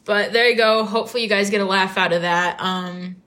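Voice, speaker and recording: Bright-voiced young woman telling a story. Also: mid-range voice, fairly even intonation, a little fast. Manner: chatty, lots of 'like' fillers. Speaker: podcast host. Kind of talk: casual storytelling.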